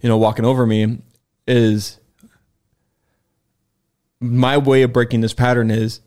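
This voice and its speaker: A man co-hosting a casual podcast, speaking haltingly and filling his sentences with "like". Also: mid-range voice, flat delivery, a little mellow, clean tone. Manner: halting, many filler likes. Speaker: podcast co-host. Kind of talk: casual chat.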